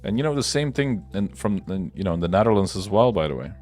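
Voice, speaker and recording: A man with a deep, low voice rambles through casual, opinionated livestream chatter, swearing freely as he goes. Faint music plays underneath. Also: sing-song, fast talker, darkish tone. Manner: rambling, profane, loose and opinionated. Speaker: livestream host. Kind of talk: casual livestream chat while working.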